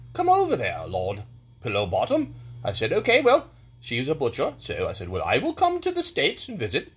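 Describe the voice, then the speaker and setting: A man's voice: husky, exaggerated voice. A man putting on a pompous, mustached British lord with a hammy, lurching delivery in a comic birthday video. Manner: hammy, lurching between shrill and low.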